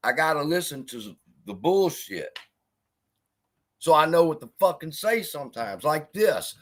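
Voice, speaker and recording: A man's voice: on the high side, fairly bright tone. A man hosting a livestream, ranting in an angry, profane, heated way. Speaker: livestream host. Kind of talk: unscripted livestream rant.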